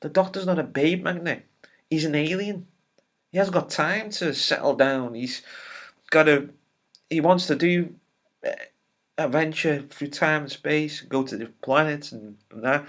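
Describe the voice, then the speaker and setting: A man's voice: fairly high pitch, a bit bright. A man giving a casual spoiler review of a TV episode, rambling and opinionated, with many filler ums and restarts. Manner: opinionated and exasperated.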